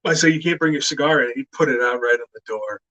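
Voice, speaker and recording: A middle-aged man telling stories in a casual chat, animated and loud when he acts out what others said. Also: medium pitch, fast talker, highs cut off. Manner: animated storyteller who shouts out quoted lines. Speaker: guest actor.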